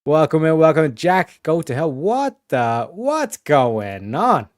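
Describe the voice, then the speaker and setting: A man's voice: on the high side, big pitch swings, slow pace, no echo, clean studio sound. An Irish man hosting a stream in casual chat, rambling and swearing, repeating his catchphrases. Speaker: streamer host.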